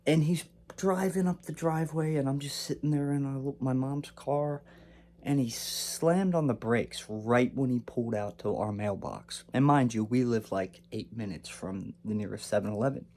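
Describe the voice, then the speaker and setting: A man's voice: mid-range voice, moderate pace. A young man casually telling a personal story and acting out what he and his brother said. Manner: animated, acts out quotes of himself and his brother.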